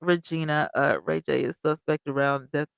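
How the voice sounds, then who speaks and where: A woman's voice: low voice, steady tone, moderate pace, vocal fry, clean tone, no echo, muffled recording. A woman host from Alabama, chatting casually on a livestream, reading viewer comments aloud and laughing often. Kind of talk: casual live chat commentary.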